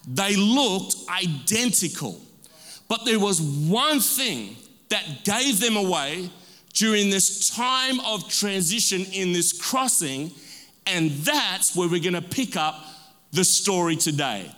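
This male pastor sounds high, animated, and sharp as he delivers his sermon. Calling for amens, he draws out key words in a call-and-response manner, with the long echo of a big hall filling the church sanctuary.

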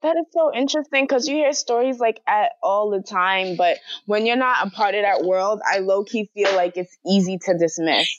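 A woman's voice: mid-range voice, moderate pace, noisy background. A woman co-host in a casual interview, eager and reactive. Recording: dull dry lo-fi sound.

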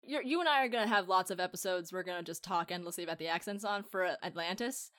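A woman co-hosting a podcast in casual chat, animated, swearing freely and laughing often. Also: on the low side, fast. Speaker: podcast co-host.

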